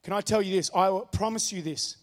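A man's voice: sits high, brisk, long reverb tail. A man preaching a sermon, telling a personal story in an earnest way and repeating his key phrases. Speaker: pastor.

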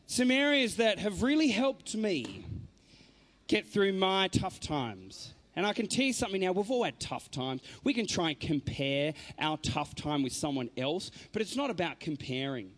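A man as a motivational speaker giving an inspirational faith talk, telling his story dramatically and swinging from hushed lines to loud ones. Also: sits high, big pitch swings, normal speed.

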